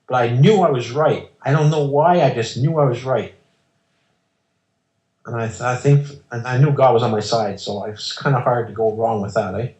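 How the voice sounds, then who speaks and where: A man's voice: medium pitch, steady tone, normal speed, a little mellow. A man as an interview guest, telling a personal story in an emphatic, insistent way and acting out the exchanges. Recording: roomy echo.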